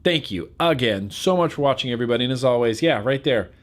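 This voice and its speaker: A man's voice: medium pitch, lively intonation, fast, noisy background. Laid-back swearing male vlogger. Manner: laid-back, swears casually, laughs at comments. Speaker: vlog host. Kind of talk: casual vlog talk.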